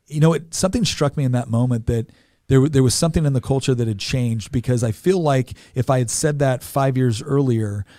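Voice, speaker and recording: A man's voice: mid-range voice, mellow, no room sound, clean studio sound. A man in his forties, a podcast guest, telling a personal story in an earnest way, often repeating words as he goes.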